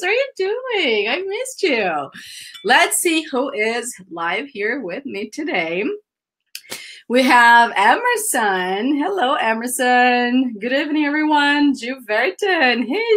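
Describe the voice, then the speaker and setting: A woman's voice: sits high, pushed and bright. A young Brazilian woman with a Brazilian Portuguese accent, teaching English in a chatty, upbeat live online lesson. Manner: chatty, upbeat, laughs often.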